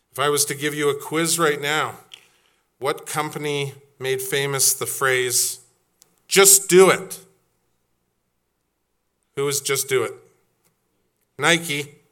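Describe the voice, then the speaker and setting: A man's voice: medium pitch, sharp tone. A middle-aged man preaching a sermon as pastor, quizzing his congregation and acting out quoted voices. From Canada.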